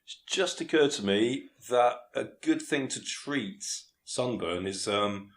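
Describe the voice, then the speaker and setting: A man's voice: mid-range voice, lively intonation, slow pace. A man, co-hosting a comedy podcast, delivering facts in a dry, matter-of-fact way. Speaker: co-host.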